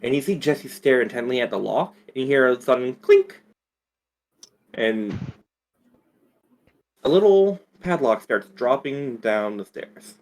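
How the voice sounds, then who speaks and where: Brief: man as game master, animated and rambling. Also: medium pitch, a little slow, pauses often. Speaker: dungeon master. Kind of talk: narrating a tabletop game.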